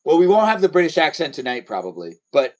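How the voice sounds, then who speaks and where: On a low-quality recording with a distant mic, a young livestream host talks fast in a high-leaning, very animated voice. His casual talk rambles and hesitates, full of fillers and restarts.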